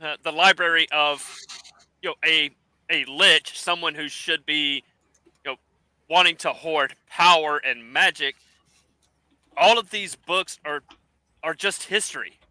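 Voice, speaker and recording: Male game master, smooth and clear, pauses often to find words while narrating. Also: a little high, bright, forceful tone, no room sound, low-quality recording. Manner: halting, searching for words.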